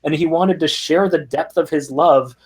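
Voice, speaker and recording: A middle-aged man with a fairly high voice talks as an interview guest. He tells long anecdotes in a lively way and acts out the voices of the people in them. He sounds like he is on a video call. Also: moderate pace. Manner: animated anecdotes with quoted voices and laughs. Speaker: guest, music startup founder. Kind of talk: conversational storytelling.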